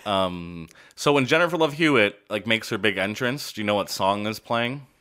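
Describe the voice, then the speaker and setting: A man's voice: fairly low pitch, expressive, normal speed, sharp tone, clear, resonant tone. A man co-hosting a podcast, chatting playfully about a movie and laughing easily. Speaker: podcast co-host. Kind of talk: casual chat about a movie.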